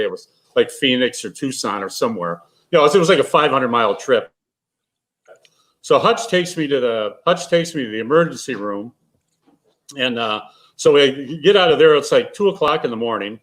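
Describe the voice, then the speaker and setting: A man's voice: mid-range voice, low-quality recording. Older male guest, storyteller type, loose and rambling, mid-range voice. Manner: rambling anecdotes with restarts and laughs. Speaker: guest, retired pro bowler. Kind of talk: casual storytelling.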